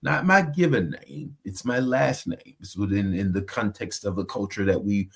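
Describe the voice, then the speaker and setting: A man's voice: lowish voice, moderate pace, slightly rough. Earnest man hosting a faith podcast. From United States. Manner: earnest, emphatic, preacherly. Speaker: host.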